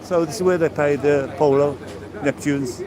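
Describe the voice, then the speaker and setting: A man's voice: a little high, normal speed, a crowd in the background. A man in his sixties from England, live-streaming as he walks along a seaside promenade, chatting and greeting his viewers by name. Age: 60s. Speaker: vlogger live-streaming a walk. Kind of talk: casual chat to live viewers. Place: outdoors on a seaside promenade, walking.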